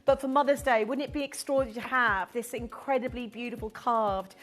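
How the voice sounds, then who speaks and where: A woman presenting on a live shopping channel, pitching jewellery with eager, persuasive flow. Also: fairly even intonation, faint music behind. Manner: enthusiastic, persuasive, fast-flowing.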